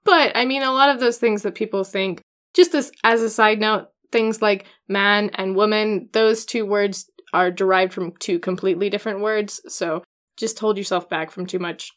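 A young woman co-hosting a casual podcast chat, talking with wry, deadpan asides. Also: mid-range voice, moderate pace. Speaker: podcast co-host.

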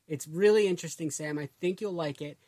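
A man's voice: a little high, fairly quick, mellow. A man co-hosting a podcast in casual chat, talking loosely with lots of "like" and trailing phrases. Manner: chatty, trails off, many fillers like "like". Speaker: podcast co-host.

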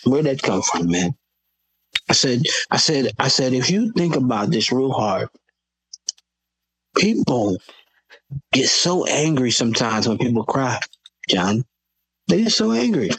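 A man's voice: medium pitch, very animated, a little slow, long pauses, fairly bright tone, husky, dry recording, poor audio. A man, a Christian hip hop artist from Florida, telling stories in a casual podcast conversation and acting out the voices of people he quotes.

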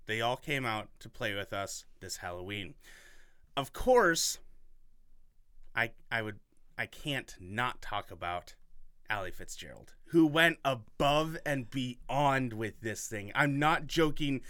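A man's voice: mid-range voice, animated, unhurried, bright, forceful tone, no room sound, clean studio sound. A man hosting a podcast in casual chat, rambling and enthusiastic with lots of fillers. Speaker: podcast host.

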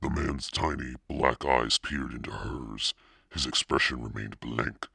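A man narrating a spooky children's storybook in a steady, suspenseful reading. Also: extremely low pitch, measured pace, creaky, breathy edge, no echo, clean studio sound. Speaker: audiobook narrator.

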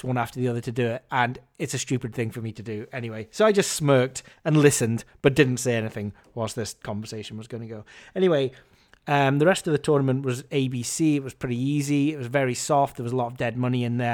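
A man hosting a podcast, telling a story in a casual, animated, wry and self-mocking way. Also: medium pitch. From Scotland. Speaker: podcast host.

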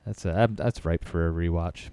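A man's voice: low-pitched, normal speed, dark tone, clean tone, dry recording, studio quality. A man co-hosting a podcast, chatting loosely with lots of filler words and swearing. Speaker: podcast co-host. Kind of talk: casual chat about movies.

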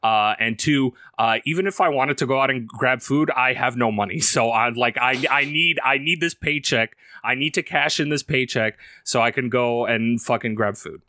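A man casually telling a profane, animated story about his day, swearing constantly and laughing as he goes. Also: medium pitch, moderate pace, few pauses, dry recording.

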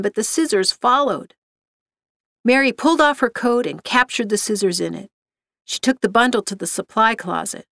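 A woman's voice: a little high, a bit bright, dry recording. Woman narrator reading a story, dry close sound. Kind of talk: reading a short story aloud.

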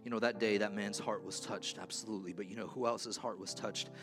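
A male pastor preaching a sermon, moving between quiet storytelling and loud, impassioned calls. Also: fairly low pitch, fairly even intonation, a little fast, music in the background. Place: church sanctuary.

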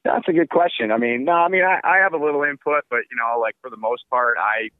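A sports broadcaster answering interview questions in a relaxed, rambling way with lots of fillers. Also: male voice, mid-range voice, quick pace, dry recording. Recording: tinny phone-like line.

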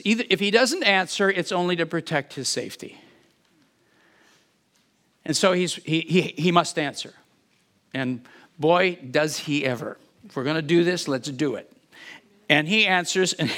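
Male preacher, high bright voice, animated teaching delivery. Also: moderate pace. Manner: animated, acts out quotes, rhetorical questions. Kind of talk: sermon, expository Bible teaching.

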